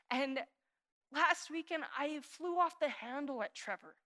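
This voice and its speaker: A woman's voice: high-pitched, a little slow. Earnest woman pastor preaching a sermon. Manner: earnest, confessional, shifting from hushed prayer to animated emphasis.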